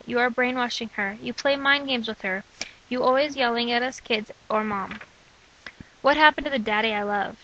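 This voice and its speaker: A young woman reading her own letters, prayers and poems aloud in an earnest, measured way. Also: fairly high pitch, pushed and bright, highs cut off, slight background noise. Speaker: person sharing her own testimony.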